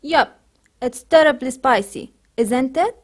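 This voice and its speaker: A woman's voice: high-pitched, lively intonation, slow, full character voice. A woman playing a young woman friend who teases and persuades while picking a restaurant, in a scripted textbook dialogue. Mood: casual.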